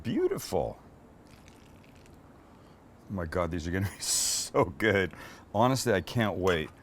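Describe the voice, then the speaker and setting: A man hosting a cooking show, walking through a recipe in a relaxed, joking way and bantering with the crew behind the camera. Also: low-pitched, normal speed, a little hiss or hum. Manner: chatty, joking, teases his crew. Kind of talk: casual cooking demonstration.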